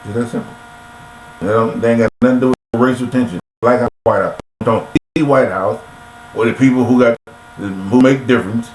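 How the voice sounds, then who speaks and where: Talking fairly quickly in a medium-pitched, somewhat dark tone, a grown man delivers a casual motivational speech to his webcam. It's repetitive and preachy, full of rhetorical questions. The recording has room echo and a faint electrical hum.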